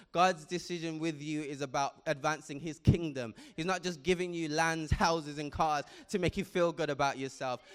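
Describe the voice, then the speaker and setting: Male preacher, sermon, fairly high pitch, smooth clear voice, impassioned, repeats and restarts phrases. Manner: impassioned, builds to loud emphatic peaks; frequent repetitions and restarts.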